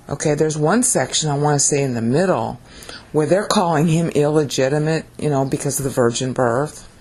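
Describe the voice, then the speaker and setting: A woman's voice: sits low, a little mellow, husky. A woman giving a casual video Bible lesson, talking conversationally and often checking in with "okay?". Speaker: Bible teacher.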